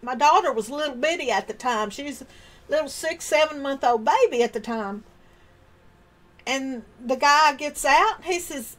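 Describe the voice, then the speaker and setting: A woman telling a story from her own life in an animated, expressive way, acting out the remembered dialogue. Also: high voice, moderate pace. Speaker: storyteller sharing personal experience. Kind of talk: personal storytelling monologue.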